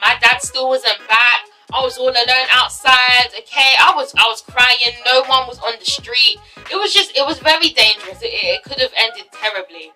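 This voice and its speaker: A young woman from Ghana telling a storytime vlog, animated and swearing, often calling out to her viewers. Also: high voice, normal speed, faint music behind, rough recording. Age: young adult. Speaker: vlogger.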